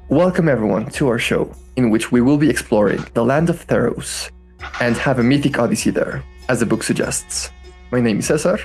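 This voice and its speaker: A man hosting and narrating a tabletop game as dungeon master, with lively jumps in pitch on key words. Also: fairly quick, faint music behind.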